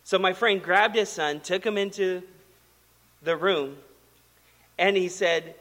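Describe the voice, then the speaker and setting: A man preaching a sermon in a conversational, animated storytelling manner. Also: sits high, slow pace, in a large hall. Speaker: pastor.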